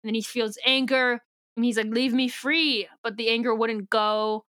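A woman's voice: a little high, fairly even intonation, moderate pace, bright, forceful tone, smooth, no echo. A woman co-hosting a casual book podcast, retelling the plot at length and reading passages aloud. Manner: rambling, with many fillers and restarts. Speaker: podcast co-host.

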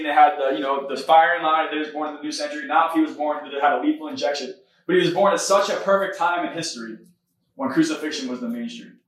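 A man's voice: a little high, fairly bright tone. A man hosting a podcast, preaching a casual spoken sermon with fervor, tossing in "man", "right?" and "come on". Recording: very echoey room, mic far off.

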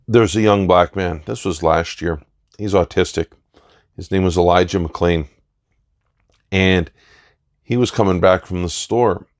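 A man giving an earnest opinion monologue in deliberate short phrases. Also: deep voice, no echo, clean studio sound. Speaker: commentator.

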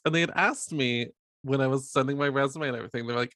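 A man's voice: mid-range voice, fast talker, bright, forceful tone, no room sound, studio quality. A man in his thirties co-hosting a podcast, telling a rambling story with many fillers and laughs. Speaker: podcast co-host. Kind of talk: casual chat.

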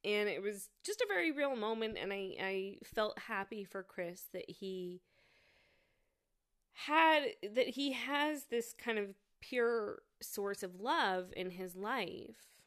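Woman commentator, reflective and hesitant, measured slow pace, smooth tone. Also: mid-range voice, lively intonation, a bit bright. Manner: thoughtful, halting, with many fillers and restarts. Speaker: commentator reviewing a show. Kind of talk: casual spoken commentary.

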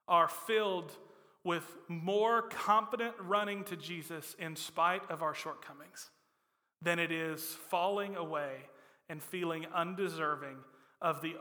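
A man preaching a sermon as pastor, his delivery swinging from loud emphatic lines to soft, hushed ones. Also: on the high side, in a large hall.

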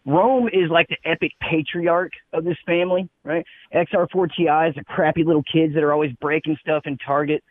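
A man's voice: a little high, fairly even intonation, a little fast, few pauses. A man calling into a radio show, laid-back and rambling, peppering his talk with "man". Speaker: caller. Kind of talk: prepared call-in speech. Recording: phone line.

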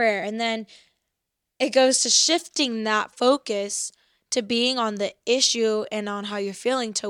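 A woman speaking earnestly and reflectively about faith, slowly reading scripture verses aloud. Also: a little high, steady tone, fairly bright tone, clear, resonant tone, no room sound, clean studio sound. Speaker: faith podcast host.

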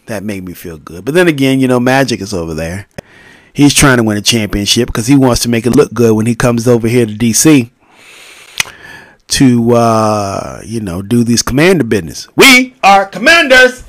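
A man hosting a casual solo podcast, rambling and profane, with sudden loud outbursts. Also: medium pitch, animated, normal speed, no room sound. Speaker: podcast host.

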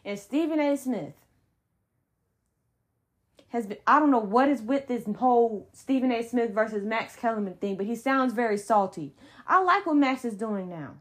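A woman's voice: a little high, lively intonation, normal speed. Heated young woman ranting about sports. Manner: heated, emphatic, blunt slang. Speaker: podcast host. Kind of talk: solo sports podcast rant.

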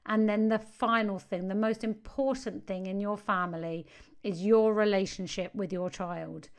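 A woman's voice: medium pitch, steady tone, normal speed, smooth. A woman, a parenting coach giving earnest advice to parents and stressing key phrases.

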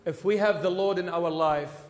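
A man, a bishop, preaching a sermon with emphatic repetition that swings between loud and soft. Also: high voice, moderate pace, reverberant, big-room sound. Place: church.

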